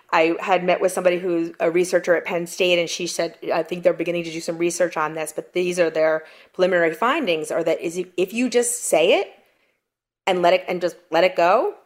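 Animated middle-aged woman guest. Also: on the low side. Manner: animated storyteller, acts out quotes, frequent "like". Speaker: podcast guest. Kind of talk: conversational interview.

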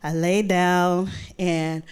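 A woman tells a true story from her own life in a chatty, animated way, often slipping into her own remembered thoughts. Her voice sits a little low for a woman. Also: very slow, clean tone. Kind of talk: live personal storytelling.

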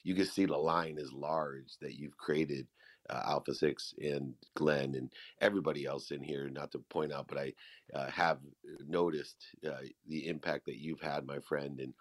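A man from San Diego moderating a casual group chat, earnest and halting with fillers, speaking into a phone app. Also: very deep voice, fairly even intonation, no room sound, studio quality. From San Diego, California. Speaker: room moderator.

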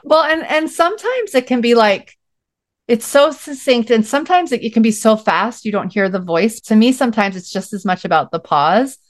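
A woman's voice: on the high side, expressive, normal speed, no room sound. Middle-aged woman guest, casual storyteller, conversational, dry close sound. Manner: chatty, many "like"s, acts out her own quotes. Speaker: podcast guest.

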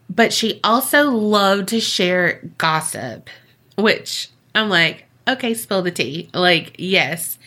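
A woman co-hosting a podcast, retelling a ghost story in a casual, profane, joking way with quick asides. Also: mid-range voice, sharp tone. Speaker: podcast co-host.

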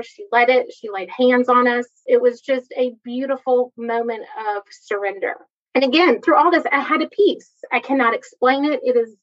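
A woman's voice: fairly high pitch, fairly bright tone. A woman, giving an earnest, heartfelt personal faith testimony. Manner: earnest, heartfelt, addresses listeners as y'all. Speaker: testimony speaker. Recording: dull lo-fi recording.

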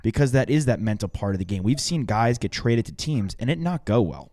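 A man's voice: mid-range voice, lively intonation, a little fast, a little mellow, dry recording, studio quality. A man hosting a podcast, asking long, winding questions in a loose, chatty way. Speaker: podcast host. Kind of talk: casual interview talk.

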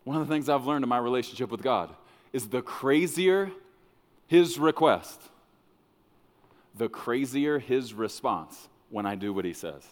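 A man preaching a sermon as pastor, dramatic, swinging between loud bursts and hushed lines. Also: medium pitch, lively intonation, measured pace. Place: church hall. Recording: long reverb of a large hall.

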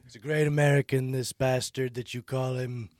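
Guy doing a bragging politician bit, mid pitch, all superlatives and restarts. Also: level tone, moderate pace, a little mellow, close to an everyday voice. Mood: boastful. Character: blustering boastful male politician impression. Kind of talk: comedic impression on a podcast.

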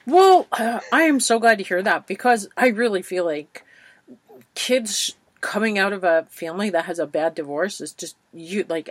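An enthusiastic woman in her fifties hosts the conversation, chatty and quick to restart her thoughts. Her voice swings between loud and soft, and the sound is dry and close to the mic. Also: on the low side, no room sound. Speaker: podcast host, former school teacher. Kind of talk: casual interview chat.

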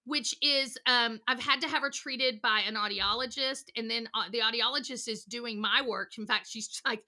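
A middle-aged counselor, appearing as a podcast guest, tells stories with energy and animation, acting out little voices. She speaks at a normal speed with few pauses in a fairly high voice.

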